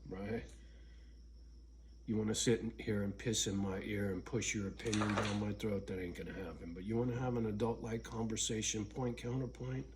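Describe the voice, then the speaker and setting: A man talks straight to his viewers in a blunt, profane, rambling vlog rant. His voice sits on the low side, and a faint wash of crickets and hiss hangs behind him. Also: darkish tone. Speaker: vlogger. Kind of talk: casual rant to camera. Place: at home alone.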